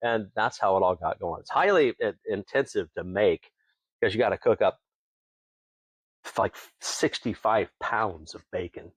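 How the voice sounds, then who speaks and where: Lively low-voiced man spinning a yarn. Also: a little slow, husky, dry recording. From Tenino, Washington. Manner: lively storyteller who acts out other people's lines; folksy, chuckles between lines. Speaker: distillery owner, guest. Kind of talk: casual storytelling interview.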